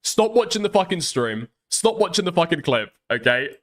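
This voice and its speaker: A man's voice: on the high side, very animated, normal speed, a bit bright. Profane laughing man reacting to clips. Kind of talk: casual reaction commentary.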